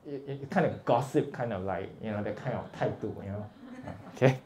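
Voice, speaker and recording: A middle-aged Singaporean man with a Singaporean English accent gives a lively, informal lecture as a guest professor. He speaks briskly in a mid-range voice, chuckles often, and keeps checking in with his listeners.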